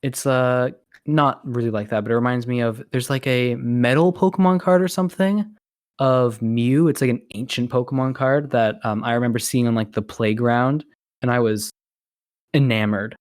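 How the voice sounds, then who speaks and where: A man co-hosting a casual podcast, talking in a loose, rambling way and laughing often. His voice sits in a middling pitch, recorded close and dry with no room sound. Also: normal speed, darkish tone, no echo. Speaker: podcast co-host. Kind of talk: casual chat.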